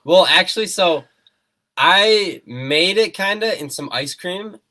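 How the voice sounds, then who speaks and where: Young male co-host, bright forceful tone, dry one-liner humor, casual. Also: sits high, animated, takes it slowly. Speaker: co-host of a clothing resale channel. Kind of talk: casual live-stream haul chat.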